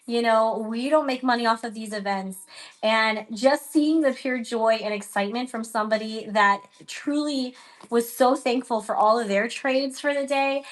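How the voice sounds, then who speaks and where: A woman co-hosting a pin sale livestream, chatting casually, bubbly and quick to laugh. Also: on the high side. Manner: bubbly, laughs often, emotional. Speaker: co-host of pin sale stream. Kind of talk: casual chat.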